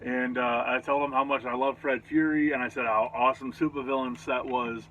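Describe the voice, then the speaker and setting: A man casually recapping a festival in a rambling, profane, excitable way. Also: medium pitch, fairly quick. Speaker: vlogger reviewing a festival. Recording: slightly dull lo-fi audio with faint noise.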